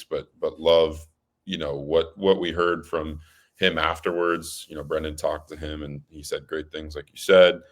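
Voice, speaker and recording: A young man with a very deep voice co-hosts a sports podcast in casual chat. He talks in a loose, laid-back way, full of fillers and restarts. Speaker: co-host.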